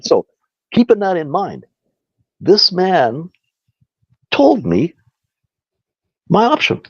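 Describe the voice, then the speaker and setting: A man tells a long story in a loose, chatty way and laughs often. His pitch swings widely as he talks. The recording is dry and dull, like lo-fi radio. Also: dry recording. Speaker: guest. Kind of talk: casual storytelling.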